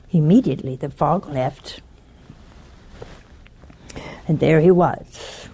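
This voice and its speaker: A woman's voice: low voice, slow, long pauses, dark tone, husky. A woman giving an earnest, urgent warning to listeners and telling a story in plain, direct words.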